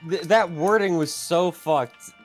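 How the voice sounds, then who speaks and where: A young man chatting after a tabletop game, excitable and halting, full of fillers. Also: on the high side, faint music behind. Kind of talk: casual post-game chat.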